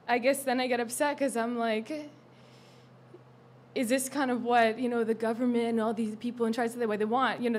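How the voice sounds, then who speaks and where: A young woman speaking her mind at an open mic, rambling and frustrated, swearing and at times flaring up loudly. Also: on the high side. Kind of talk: spoken monologue at an open mic.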